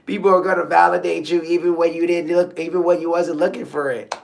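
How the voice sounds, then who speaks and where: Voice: mid-range voice, little pitch movement, quick pace, vocal fry, hardly any pauses. A host giving a motivational talk on a livestream, speaking casually, repeating key phrases and often checking in with listeners. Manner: conversational, repetitive, checks in with listeners.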